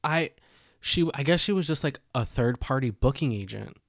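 A man's voice: medium pitch, moderate pace, no room sound, studio quality. A young man casually telling a story on a podcast, acting out what people said along the way. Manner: animated storytelling, acts out quotes. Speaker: podcast co-host. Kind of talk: casual chat.

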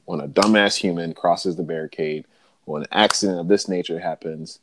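Laid-back low-voiced man telling a story. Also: a little hiss or hum. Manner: animated storyteller, jokes and swears, laughs often. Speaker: podcast host. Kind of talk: casual podcast chat.

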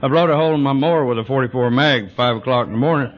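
A man's voice: mid-range voice, rapid-fire. Drawling man spinning dry yarns. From Texas. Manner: dry, drawling humor with frequent "you know". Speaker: recovery speaker. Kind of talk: storytelling talk to an audience. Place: meeting hall with audience. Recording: dull lo-fi 1980s tape recording.

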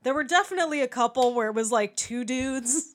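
A woman's voice: high-pitched, brisk. A young woman co-hosting a podcast, casually reviewing a movie, laughing often and acting out quotes. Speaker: podcast co-host.

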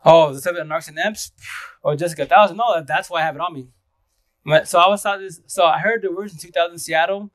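A man's voice: a little high, brisk, no echo. A man from Eastern Washington chatting casually on a livestream, rambling in slang, laughing often and greeting viewers by name. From Eastern Washington, USA. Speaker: livestream host.

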